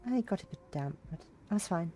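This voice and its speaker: A streamer voicing a quiet, guarded young woman. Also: mid-range voice, animated, a little fast, lightly acted. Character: young woman, reserved and evasive. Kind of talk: visual novel read-aloud.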